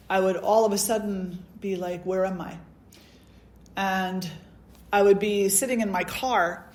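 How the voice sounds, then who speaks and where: A middle-aged woman spiritual teacher telling a personal story at a satsang, acting out the quoted dialogue as she goes. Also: mid-range voice.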